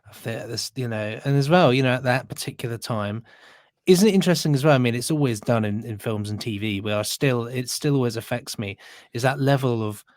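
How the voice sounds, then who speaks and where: A man's voice: mid-range voice, brisk, a little mellow, dry recording, clean studio sound. Enthusiastic British man on a podcast. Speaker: podcast co-host. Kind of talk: casual chat.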